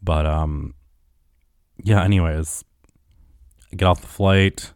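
A man's voice: deep voice, fairly even intonation, takes it slowly, darkish tone, no room sound, clean studio sound. A man hosting a solo podcast, rambling casually with lots of filler words and swearing. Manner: rambling, heavy on "like" and "um", profane. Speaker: podcast host.

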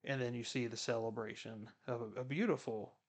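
A man with a gravelly, creaky voice talks through a Bible reading in a relaxed, chatty way. He retells the scripture in everyday words, and his pitch sits in a middle range. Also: fairly quick. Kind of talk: casual Bible commentary.

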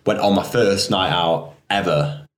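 A young man hosting a podcast, chatting in a relaxed, slangy way. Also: deep voice, measured pace. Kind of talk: casual podcast chat. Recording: roomy echo.

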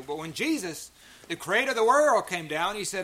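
A pastor preaching a sermon to a congregation, emphatic and full of rhetorical questions. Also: male voice, sits high, lively intonation, moderate pace, pushed and bright. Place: church meeting.

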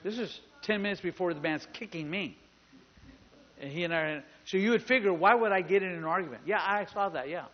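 A man with a notably high voice delivers a lively storytelling sermon as pastor, acting out both sides of conversations and teasing people in the pews. The sound is dull and lo-fi, like a modest church recording. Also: brisk. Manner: animated, acts out dialogue, jokes with the congregation. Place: church service with live congregation.

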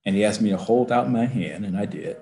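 Low-voiced man telling a heartfelt story. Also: brisk, roomy sound. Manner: emphatic, builds to forceful peaks. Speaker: university president, guest. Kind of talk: storytelling interview. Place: his office.

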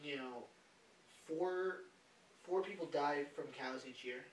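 A young man chats casually as a podcast host, telling stories with lively energy and frequent swearing. His voice sits slightly high and comes from a little way off the mic, in an echoing room. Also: takes it slowly, a little hiss or hum. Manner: animated storytelling, swears freely. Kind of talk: casual chat. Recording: roomy, distant mic.

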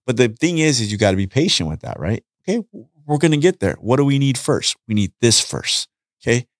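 A man talking casually on a podcast, an animated storyteller who acts out conversations and repeats his points. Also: medium pitch, a little fast, no echo, clean studio sound. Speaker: podcast guest, street preacher. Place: podcast studio.

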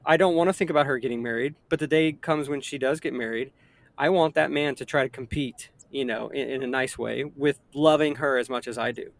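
Gravelly guy in his 30s, earnest casual chat, keeps restarting his sentences. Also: mid-range voice, brisk, no room sound. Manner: earnest, rambling with many restarts. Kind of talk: casual conversation.

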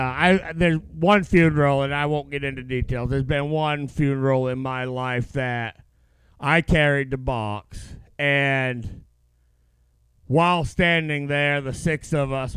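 A man's voice: mid-range voice, fairly even intonation, unhurried, fairly bright tone, clean tone, dry recording. A man co-hosting a casual podcast chat, swearing freely and rambling with emotion. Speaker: podcast co-host. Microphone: headset.

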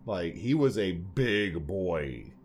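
A young man co-hosting a podcast in casual chat, telling stories in a rambling, animated way full of tangents. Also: low voice, slow. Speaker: podcast co-host.

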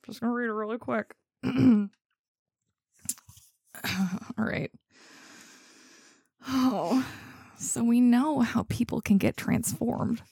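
A young woman co-hosting a podcast, chatting casually and telling stories with animated excitement. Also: on the high side, slow pace, creaky, long pauses, husky, no echo, clean studio sound. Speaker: podcast co-host. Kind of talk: casual chat and reading aloud.

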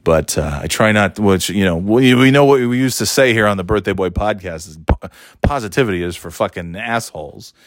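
Sarcastic guy talking into his phone for his podcast, lowish voice, dry sound, swears a lot. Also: a little fast, no room sound. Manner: rambling, sarcastic and profane. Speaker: podcast host. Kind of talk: casual solo podcast monologue. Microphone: phone held while walking.

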